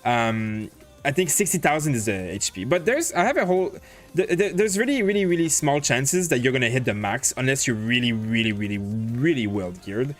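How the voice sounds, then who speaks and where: Soft music sits under an animated male voice in the mid range, moving at an ordinary pace. He's running a laid-back gaming stream, narrating his thoughts as he plays and answering chat with frequent fillers.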